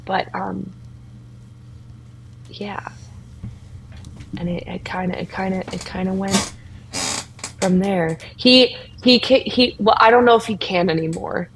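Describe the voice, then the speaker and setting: A woman as a shy young heroine, halting and stammering, gravelly edge, even middle pitch. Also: noisy background. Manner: halting, stammering, many restarts. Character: shy young woman, devoted champion of a death goddess. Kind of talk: in-character tabletop role-play.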